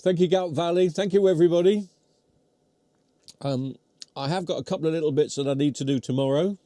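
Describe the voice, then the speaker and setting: A man's voice: on the high side, fairly quick, dark tone, no room sound. A British man hosting a live stream, chatting casually while chewing, rambling and poking fun at himself, his voice getting worn. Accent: British English. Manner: rambling, chatty, self-deprecating. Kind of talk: casual live chat reading comments. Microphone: close mic near mouth.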